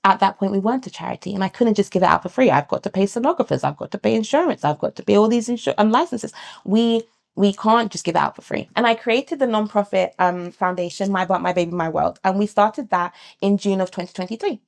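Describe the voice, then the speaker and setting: A British woman, a midwife and founder of a sonogram service, talking in a lively conversational interview and acting out other people's voices. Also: mid-range voice, fast talker, gravelly. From England. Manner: animated, acts out other people's voices in quotes.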